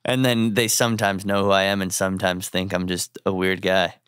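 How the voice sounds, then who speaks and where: A man's voice: deep voice, level tone, a little fast, a bit bright, smooth, dry recording, clean studio sound. A man appearing as a fashion designer guest on a talk show, chatting in an easygoing, playful way and laughing often. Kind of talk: casual interview chat.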